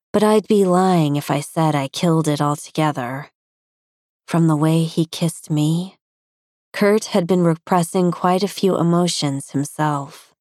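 A woman's voice: lowish voice, darkish tone, dry recording, studio quality. A young woman narrating a first-person romance audiobook in an intimate, confessional way.

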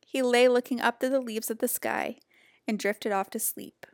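A woman reading a children's picture book aloud in a gentle, expressive storytelling voice. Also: a little high, normal speed, dry recording, studio quality.

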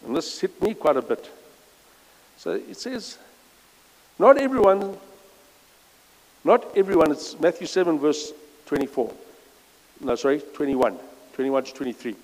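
A man's voice: mid-range voice, lively intonation, moderate pace, pauses often, darkish tone, in a large hall, poor audio. A man giving an informal church sermon, reading scripture aloud with emphasis and chatty, self-correcting asides. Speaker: lay preacher.

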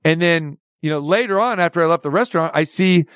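A man's voice: a little high, fast, smooth, dry recording, studio quality. A middle-aged man telling a long story in casual chat, often restarting his sentences and acting out the voices of the people in it. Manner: animated, restarts often, acts out dialogue in a raised voice.

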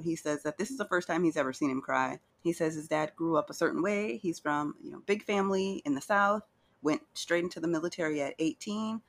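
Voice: mid-range voice, a bit bright. A podcast co-host giving a chatty, casual recap of a reality show, with playful asides and acted-out quotes.

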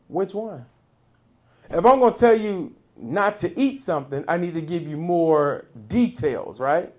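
A man preaching a sermon at an unhurried pace. His pitch swings widely, and he chuckles between points before jumping to loud peaks on the key lines. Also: lively intonation.

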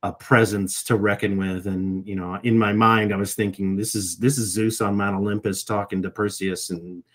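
A bit bright and fairly low in pitch, his voice barely moves up or down and keeps a moderate pace. He's a middle-aged voice actor being interviewed, reflective in his answers and prone to repeating words when he starts a thought.

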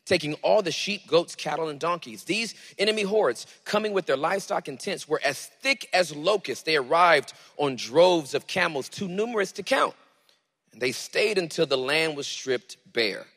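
A man preaching a sermon, reading scripture dramatically and then teaching in a relaxed way. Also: fairly high pitch, big-room sound. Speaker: pastor.

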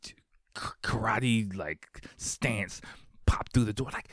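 A man's voice: on the low side, takes it slowly, dry recording, studio quality. A man casually telling a funny story, laughing often, acting out quotes and swearing freely. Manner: swears a lot.

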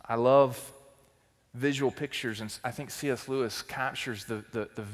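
A male teaching pastor delivering a sermon, swinging between loud emphatic bursts and quiet, intense stretches. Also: mid-range voice, fairly even intonation, moderate pace. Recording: long hall reverb.

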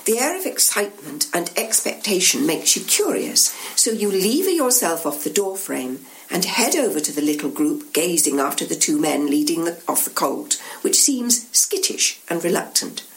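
A woman's voice: fairly low pitch, sing-song, normal speed, few pauses. A woman giving a church reflection, telling a scene vividly in the second person for her listeners. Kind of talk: imaginative sermon narration.

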